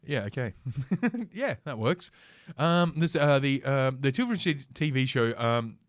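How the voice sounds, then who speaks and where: A man's voice: medium pitch, big pitch swings, a little slow, no room sound, clean studio sound. A man hosting a casual ranting commentary stream from his computer, reading news aloud with sarcastic, profane asides and lots of fillers. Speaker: host.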